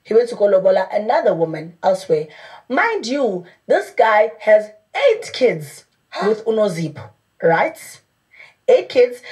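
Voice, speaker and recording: A woman's voice: medium pitch, a little mellow. South African woman retelling gossip animatedly. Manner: acts out quoted people, lots of "like". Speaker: podcast co-host.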